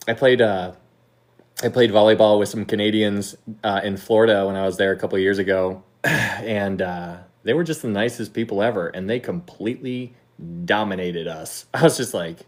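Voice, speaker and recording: A young man from Alabama, hosting a casual livestream, animated and laughing as he reacts to chat. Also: on the low side, moderate pace. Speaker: livestream host reading chat.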